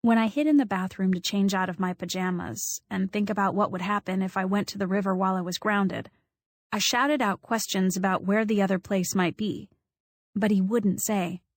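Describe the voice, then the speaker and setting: A woman narrating a first-person audiobook, telling the story in a measured, wry way. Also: mid-range voice, no room sound.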